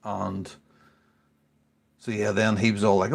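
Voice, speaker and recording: With a lowish, creaky voice and long pauses, a beer-tipsy man in his forties rambles through a sweary story. He's a podcast regular chatting casually, keeping a steady tone at normal speed.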